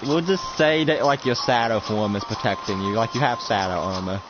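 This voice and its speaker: A man's voice: fairly low pitch, brisk. A man narrating a casual role-play game as game master, rambling with lots of "like" fillers and some swearing. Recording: dull lo-fi with music behind.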